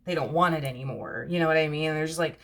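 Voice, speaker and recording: A woman with a notably low, creaky voice gives a casual tarot reading monologue at a fast pace. She is chatty and rambling, circling back on points and leaning on fillers like "you know."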